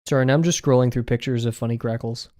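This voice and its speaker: Young guy chatting while he draws on stream, mellow voice, rambles and corrects himself a lot. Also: medium pitch, steady tone, fast talker. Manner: rambling, amused, self-correcting. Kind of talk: casual chat while drawing on stream.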